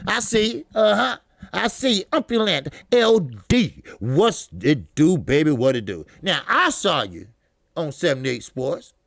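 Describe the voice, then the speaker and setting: A loud boxing talk host whose high, gravelly voice swings wildly up and down. He curses freely, laughs a lot and shouts out names from the live chat, all in a dry, close-miked sound. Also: sing-song, a little slow, no room sound. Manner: loud, profane, laughing often, shouting greetings to chatters.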